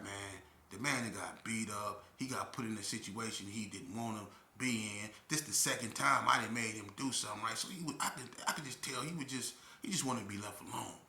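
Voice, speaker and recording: A man's voice: fairly low pitch, fairly quick, vocal fry, roomy sound. A man telling a story in casual chat and acting out the people he quotes. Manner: animated, acts out quotes loudly. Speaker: storyteller guest.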